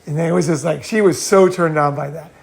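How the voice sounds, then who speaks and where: A Californian man hosts a casual talk of storytelling and advice, rambling through tales with frequent laughs and swearing. His voice is on the high side with vocal fry, and he talks fairly quickly.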